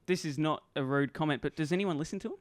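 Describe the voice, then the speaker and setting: A man's voice: a little high, fast, no room sound, clean studio sound. A young man hosting a podcast, teasing his guest, laughing often and repeating phrases. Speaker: podcast host. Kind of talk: casual interview chat.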